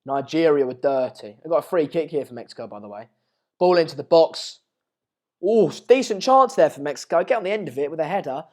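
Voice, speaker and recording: A young man, hosting a casual live match watch-along, reading out viewer comments in a chatty, rambling way and sounding slightly hoarse. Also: fairly high pitch, lively intonation, fairly quick, darkish tone. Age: late teens. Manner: chatty, rambling, restarts mid-sentence, calls viewers mate and pal. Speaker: live stream host.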